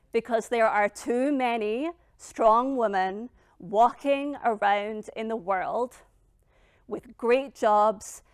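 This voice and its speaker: A middle-aged woman giving a dramatic motivational speech as a founder, emphatic and blunt, with long pauses. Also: medium pitch, dry recording, studio quality. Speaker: founder and keynote speaker.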